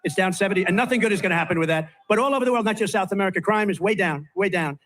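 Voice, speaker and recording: A man's voice: high voice, racing, a bit bright. An older man giving a rambling campaign rally speech from a stage, full of repetitive, off-the-cuff asides. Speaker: political candidate at a rally.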